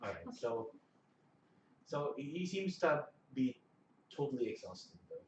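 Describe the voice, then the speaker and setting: Casting: game master, male, mid-pitch voice, rambling and laughing, picked up from far off by a camera mic in a roomy space. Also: very animated, a little slow, a little mellow, highs cut off. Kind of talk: narrating a tabletop game. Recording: roomy, distant camera mic with faint noise.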